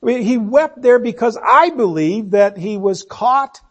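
A man's voice: very high voice, lively intonation, takes it slowly, hardly any pauses, a bit bright. A man preaching a sermon, earnest and searching, posing one rhetorical question after another and letting his voice sink on solemn phrases.

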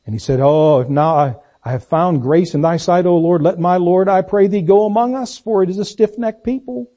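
A man preaching a sermon, swinging between loud slow emphasis and low quiet asides. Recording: dull lo-fi recording.

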